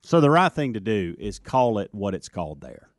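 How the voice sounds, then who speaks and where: A man's voice: fairly low pitch, very animated, moderate pace, dry recording, clean studio sound. A man with a Southern Alabama accent co-hosting talk radio, reading from articles and arguing points. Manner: reads from articles, argumentative. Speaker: radio talk show co-host. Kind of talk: sports talk radio banter.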